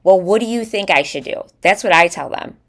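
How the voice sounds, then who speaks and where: Her voice is lowish and a bit quick as she co-hosts a relaxed podcast conversation. In her thirties, she brings her kids' stories to life, voicing her son's lines herself.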